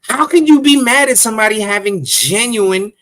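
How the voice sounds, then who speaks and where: A man's voice: high-pitched, normal speed, fairly bright tone. A man co-hosting a casual podcast, blunt and profane, talking emphatically. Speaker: podcast co-host.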